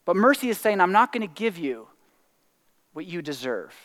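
High-voiced male pastor in reverberant hall. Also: moderate pace. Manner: conversational, lots of "like" and "right?", bursts into excited whoops. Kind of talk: sermon.

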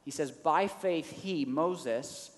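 A man preaching a sermon in an animated way, acting out the quoted lines with a rising voice. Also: fairly high pitch, takes it slowly, long reverb tail. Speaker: pastor.

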